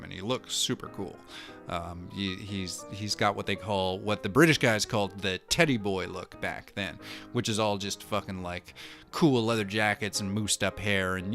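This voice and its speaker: A man in his thirties with a lowish voice talks through a casual comic-book monologue, swearing constantly and breaking off mid-sentence. A little music plays faintly behind him. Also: fairly bright tone. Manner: rambling, heavy swearing, self-interrupting. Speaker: host.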